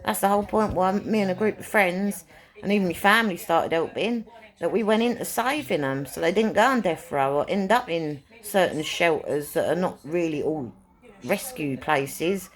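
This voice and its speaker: A woman's voice: fairly low pitch, normal speed. A woman chatting casually to camera, rambling and repeating phrases for emphasis as she talks about rescuing animals. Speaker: pet owner and animal rescuer.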